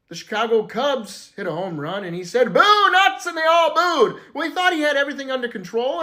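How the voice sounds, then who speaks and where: A man telling a string of jokes in a casual, animated way, jumping up in pitch for the punchlines. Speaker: joke teller.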